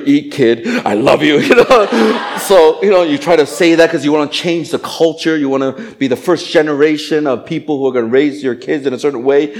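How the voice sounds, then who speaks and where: A middle-aged male pastor preaching a sermon, animated and joking, acting out little voices. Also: medium pitch. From Asian family background. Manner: animated, acts out voices and jokes.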